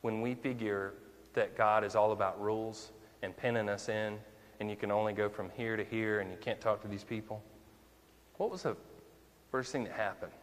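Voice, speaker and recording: A man's voice: fairly low pitch, steady tone, normal speed, big-room sound. A male minister preaching a conversational sermon, full of rhetorical questions to the congregation.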